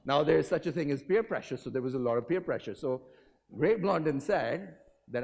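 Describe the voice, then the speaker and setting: A man's voice: fairly quick, creaky. A man giving a motivational business talk, telling a story and quizzing the audience. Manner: animated, swings pitch and volume. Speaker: keynote speaker. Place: hotel conference hall.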